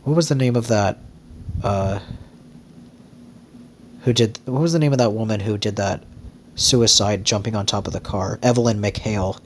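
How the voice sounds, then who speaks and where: Low-voiced man musing aloud. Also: slight background noise. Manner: musing, halting with fillers. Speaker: reader and host. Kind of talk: reading then casual commentary.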